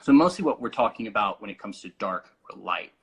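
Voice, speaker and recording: A young man coaching singing, explaining voice terms casually with many fillers and quick sung demonstrations. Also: fairly low pitch, animated, husky, low-quality recording. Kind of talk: casual vocal instruction.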